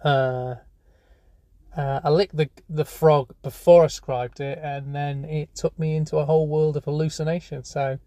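Brief: male comedy host, fairly high voice, deadpan rambling. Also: moderate pace, no echo. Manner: rambling, deadpan, full of restarts. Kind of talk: rambling comic monologue.

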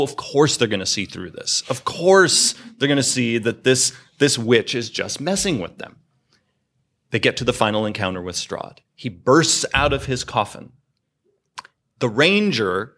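A man's voice: mid-range voice, fairly bright tone. Wry man recounting a campaign. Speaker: game master telling table stories. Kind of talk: casual storytelling chat.

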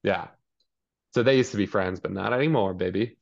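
A man co-hosting a podcast, casually recapping a TV episode and acting out the characters in quick, animated asides. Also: on the low side, vocal fry. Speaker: podcast co-host. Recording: dull lo-fi sound.

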